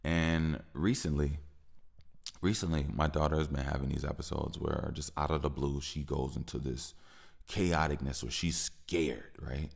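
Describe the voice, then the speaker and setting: A man with a deep voice, hosting a podcast and venting frustrated in a personal monologue, repeating himself and growing heated at times. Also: steady tone, moderate pace, gravelly. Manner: frustrated, repetitive, rising into heated stretches. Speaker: podcast host.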